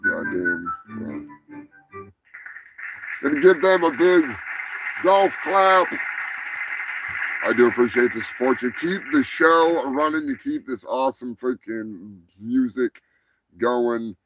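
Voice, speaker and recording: A man's voice: mid-range voice, lively intonation, takes it slowly, pauses often, over music, poor audio. A man hosting a casual live comedy show, talking in a profane, rambling, offhand way. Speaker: host.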